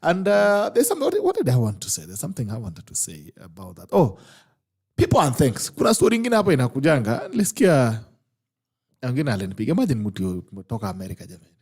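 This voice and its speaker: A man's voice: medium pitch, huge pitch swings, quick pace, a little mellow, slightly rough. A Kenyan man hosting a casual talk show, switching between English and Swahili and laughing often. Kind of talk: casual chat, reading viewer comments.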